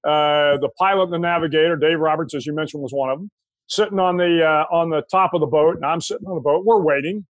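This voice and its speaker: An older American man, a guest in an interview, telling a long anecdote in a relaxed, conversational way with frequent restarts. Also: on the high side, fast, no room sound. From United States. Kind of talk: storytelling anecdote.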